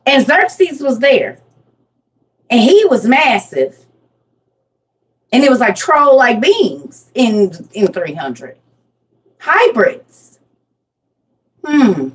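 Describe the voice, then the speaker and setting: A woman's voice: on the high side, very animated, very slow, pauses often, distant mic. A woman in her forties giving a casual Bible lesson, playful and constantly quizzing her listeners. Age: 40s. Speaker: Bible teacher.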